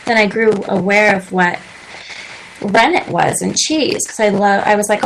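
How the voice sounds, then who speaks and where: A woman's voice: medium pitch, slow, a little hiss or hum, poor audio. A woman in her twenties chatting earnestly as a guest on a radio talk show, telling her story at length. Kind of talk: casual interview chat. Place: radio studio.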